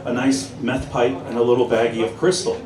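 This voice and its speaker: A former police officer tells humorous anecdotes to a crowd at a busy indoor pub event, acting out the dialogue. He speaks fairly quickly in a mid-range, level voice, and the audio is echoey, picked up from far off with crowd noise.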